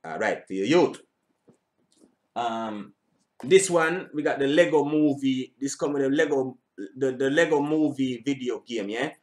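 A middle-aged man hosts a reaction video, rambling casually, repeating himself, and swearing now and then. His voice has a medium pitch and a darkish tone, and he takes his time.

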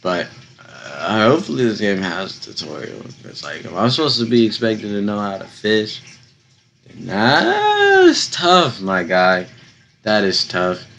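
A young man giving casual, slangy commentary while playing a video game, slightly hoarse from losing his voice. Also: lowish voice, moderate pace, fairly bright tone, a little hiss or hum. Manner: laid-back, slangy, chatty. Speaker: gaming YouTuber.

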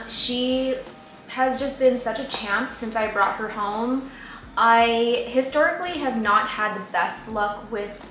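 A woman's voice: fairly high pitch, a bit bright, a little hiss or hum. Chatty young woman, echoey room. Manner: chatty, rambling, self-deprecating. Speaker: plant vlogger. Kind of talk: casual chat to camera. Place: apartment room. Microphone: camera mic from a distance. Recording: echoey room, distant camera mic.

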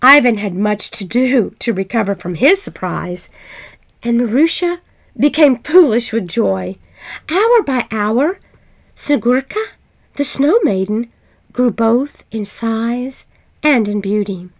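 A woman reading a fairy tale aloud in a gentle, expressive way. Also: on the high side, slow pace. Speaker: storyteller.

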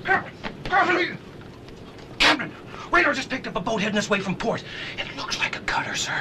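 A man's voice: extremely high pitch, big pitch swings, fairly quick. An actor playing a nervous male crewman who stammers and repeats himself, on a noisy film soundtrack. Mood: anxious. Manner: stammering, anxious. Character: jumpy young male deckhand, nervous. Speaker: boat crewman.

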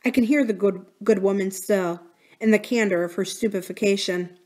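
A woman reading a novel aloud for a library series, with measured, deliberate narration. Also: medium pitch, mellow. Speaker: library reader.

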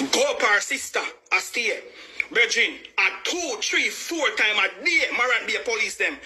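A man's voice: sits high, sharp tone, slight background noise. A man with a Jamaican accent giving a heated personal account, agitated and repeating himself for emphasis. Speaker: family member speaking out.

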